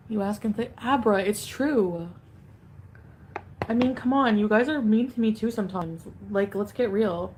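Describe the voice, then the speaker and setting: A woman's voice: mid-range voice, normal speed, a little mellow, slight background noise. A woman on a casual livestream, talking while eating and answering critics defensively. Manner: defensive, chatty.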